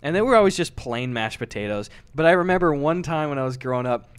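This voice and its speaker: A man's voice: fairly high pitch, lively intonation, fast talker, clean tone. A young man co-hosting a casual podcast chat, joking and swearing and laughing often. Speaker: podcast co-host.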